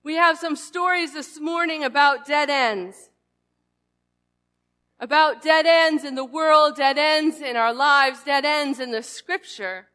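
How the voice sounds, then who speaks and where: A woman pastor preaching, reading scripture and then telling a story in a lively, conversational way in a church. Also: sits high, slow pace. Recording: long hall reverb.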